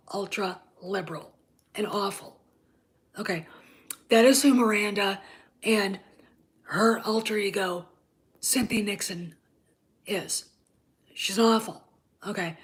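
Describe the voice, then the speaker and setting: A woman in her fifties with a mid-range voice rants about a TV show on her own channel. Sarcastic and profane, she often drops into a hushed whisper and drives her points home by repeating "okay?".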